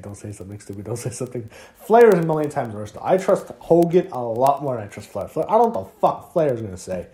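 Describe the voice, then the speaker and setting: A man's voice: mid-range voice, dark tone. A man giving a casual spoken review of a wrestling show, swearing often and ranting when annoyed. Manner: profane, ranting, easily annoyed.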